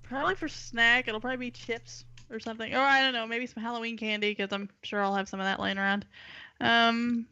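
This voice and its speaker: A woman's voice: a little high, flat delivery, fairly quick, sharp tone, highs cut off. A woman in a casual podcast chat, easygoing and a little unsure.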